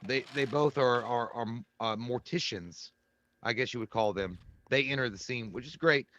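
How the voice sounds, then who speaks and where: Bright crude-talking man reviewing movies. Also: mid-range voice, moderate pace, highs cut off, slight background noise. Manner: crude, rambling, many fillers and restarts. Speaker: podcast co-host. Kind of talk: casual movie review chat.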